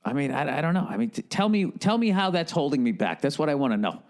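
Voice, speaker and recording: A man's voice: on the high side, sing-song, quick pace. A man ranting sarcastically and profanely in a comedic podcast monologue, firing off mocking, incredulous questions. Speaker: podcast host.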